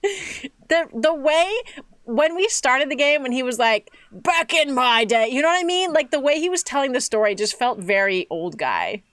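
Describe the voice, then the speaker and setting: Lively high-voiced woman in her twenties. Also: normal speed, no room sound. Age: 20s. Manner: chatty, animated, laughs often. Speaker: streamer. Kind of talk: casual gaming chat.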